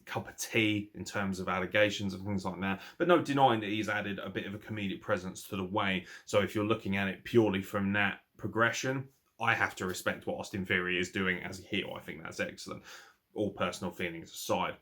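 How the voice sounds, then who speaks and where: An English man reviewing a wrestling show in casual talk, ranting and swearing freely, animated and quick to laugh. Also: sits low. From England.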